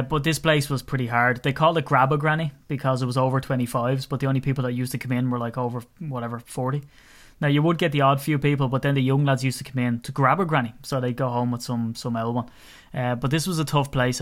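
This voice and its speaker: A man's voice: medium pitch, fairly even intonation, quick pace. A young Irish man co-hosting a sports podcast, telling rambling stories and laughing often in casual chat. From Ireland. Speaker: podcast co-host.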